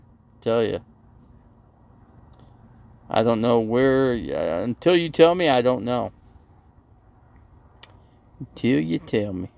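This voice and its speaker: Gravelly, animated man livestreaming. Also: medium pitch, no room sound. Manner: rambling, reads viewer comments aloud and answers them. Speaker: RV channel livestreamer. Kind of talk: casual live-stream chat.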